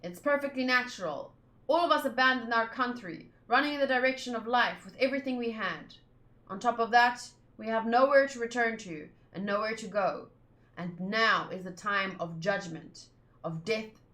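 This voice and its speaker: A woman's voice: on the high side, moderate pace, pushed and bright, echoey room. A woman reading aloud as a grave male ship captain giving a solemn speech.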